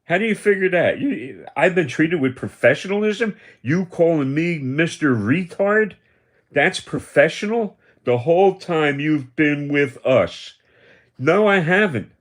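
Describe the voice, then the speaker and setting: A man's voice: fairly high pitch, expressive, a little slow. A man in his seventies ranting on a livestream, taunting and accusing, repeating himself as he goes. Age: 70s. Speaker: livestream host. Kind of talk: confrontational livestream rant.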